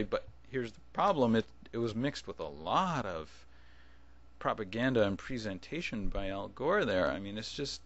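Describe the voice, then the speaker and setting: This man has a fairly low pitch with big swings in intonation and talks at a normal speed over lo-fi sound. Responding casually on video, he rambles, restarts his sentences, and chuckles along the way.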